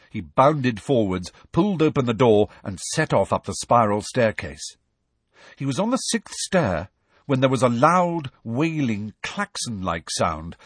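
A man narrating an audiobook in an expressive storybook reading style. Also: on the low side, slightly rough, no echo. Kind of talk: scripted narration.

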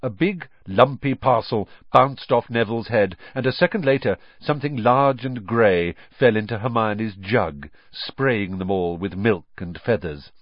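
A man reading a children's novel aloud as audiobook narrator, with expressive storytelling. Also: fairly low pitch, measured pace, few pauses, no echo. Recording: dry, dull lo-fi recording.

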